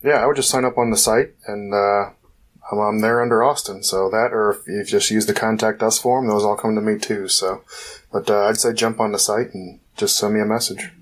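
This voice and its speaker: A man chatting as a guest on a podcast, relaxed and quick to laugh. His voice sits on the low side, and he gets louder when he tells a joke. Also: poor audio. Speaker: podcast guest, forum owner. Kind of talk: casual chat.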